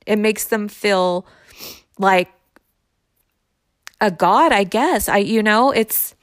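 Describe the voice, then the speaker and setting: Slow, unhurried woman telling a story. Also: mid-range voice, no echo. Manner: unhurried, reflective, heavy use of "like". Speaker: storyteller sharing her own experience. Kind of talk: casual personal storytelling.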